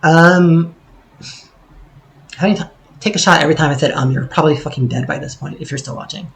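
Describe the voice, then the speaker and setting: Sarcastic, cursing vlogger with a highish voice. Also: male voice, fairly quick, creaky, a little hiss or hum, low-quality recording. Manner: sarcastic, swearing freely; rambling with many fillers. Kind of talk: casual vlog monologue.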